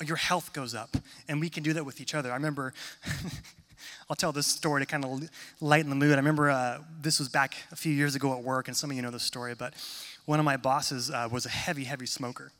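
A man preaching a sermon in a church hall, conversational and self-deprecating, turning animated when he tells stories. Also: medium pitch, fast talker. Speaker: pastor. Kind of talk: sermon with humorous storytelling. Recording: long reverb of a large hall.

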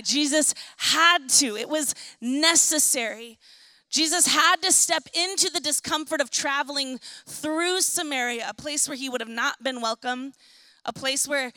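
A young woman with a high, bright voice delivers a sermon as if chatting with her congregation, slipping into lively little voices for the figures in the story. The sound is close and dry, with no room echo. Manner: conversational and animated, acting out Bible figures. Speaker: pastor.

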